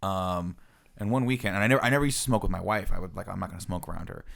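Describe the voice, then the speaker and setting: A man's voice: sits low, very fast, vocal fry, a bit bright. A man in his thirties, a podcast co-host, telling a self-mocking story in casual chat. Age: 30s.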